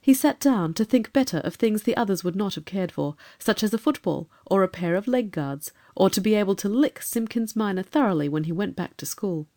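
A woman reading a children's storybook in a calm, measured, expressive manner. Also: medium pitch. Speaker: narrator.

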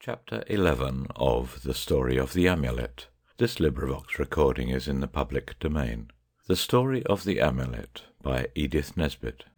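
A man narrating an audiobook chapter in a measured, even way. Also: rumbling low.

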